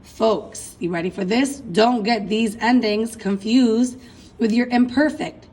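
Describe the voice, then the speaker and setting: Slow, husky-voiced woman teaching. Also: a little high, dark tone, low-quality recording. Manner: chanting verb endings, addressing students as folks. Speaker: Spanish teacher. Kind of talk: recorded classroom lesson.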